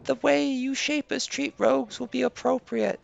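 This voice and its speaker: A man putting on a high, stiff servile villager. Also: moderate pace, creaky, dull audio, heavily acted. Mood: wary formal. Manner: formal, warning, stiff.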